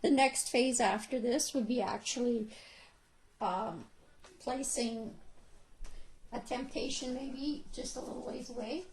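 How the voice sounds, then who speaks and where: A woman dog trainer explaining steps in a calm, patient way, recorded indoors at home. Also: on the high side, a little hiss or hum, rough recording. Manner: calm, patient, slow-spoken, praises the dog softly. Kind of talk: instructional video narration.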